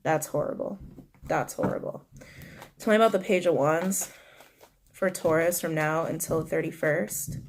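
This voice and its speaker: A young woman giving a casual tarot reading, animated and blunt, swearing and talking straight to her viewers. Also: low voice, normal speed, a little hiss or hum. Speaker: tarot reader.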